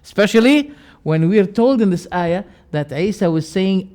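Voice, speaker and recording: Emphatic high-voiced male religious teacher. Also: normal speed. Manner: emphatic, swings between loud rises and quiet drops; repeats key words to press a point. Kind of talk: classroom lecture on creed.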